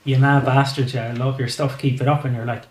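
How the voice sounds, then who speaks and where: A man's voice: medium pitch, flat delivery, fast talker, reverberant, a crowd in the background. An Irish man, a comedian guest on a podcast, telling rambling stories in casual chat and swearing freely. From Ireland.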